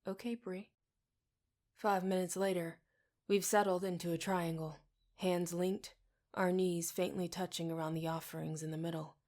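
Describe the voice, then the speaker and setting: A woman reading a first-person audiobook in a steady, intimate way. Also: fairly low pitch, normal speed. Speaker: audiobook reader.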